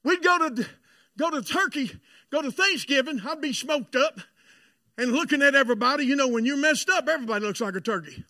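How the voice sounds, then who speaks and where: A male preacher tells a story in his sermon, moving between loud calls and quieter, joking asides. His voice is very high and strikingly bright and sharp. It has a gravelly rasp and is recorded dry and close. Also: animated, fairly quick, dry recording.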